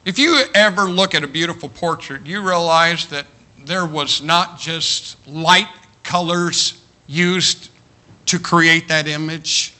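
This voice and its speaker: A man's voice: a little high, steady tone, takes it slowly, sharp tone. A man preaching an earnest sermon to his congregation, reciting a poem with rising, fervent emphasis.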